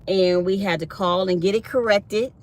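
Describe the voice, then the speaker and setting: Sitting in her truck, a middle-aged woman tells stories during a relaxed morning vlog, lively and chatty. She speaks in a mid-range voice at a moderate pace.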